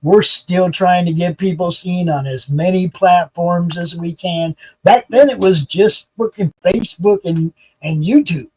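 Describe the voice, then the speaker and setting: A laid-back man swapping stories on a stream, his voice husky and raspy and pitched a bit high. He talks easily and unhurriedly. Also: unhurried, few pauses, warm tone, rough recording. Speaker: voiceover artist and co-organizer. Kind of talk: casual chat.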